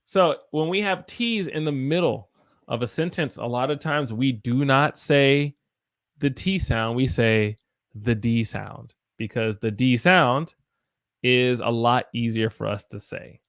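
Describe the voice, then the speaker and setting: A man's voice: mid-range voice, a little slow, a bit bright, no room sound. A man with an American accent giving a casual livestream English pronunciation lesson, repeating words to demonstrate them. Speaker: English teacher.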